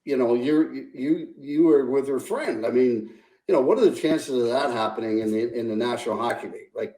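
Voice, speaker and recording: A man co-hosting a casual podcast, making slow, amused remarks. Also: medium pitch, dark tone. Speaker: podcast co-host. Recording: roomy echo.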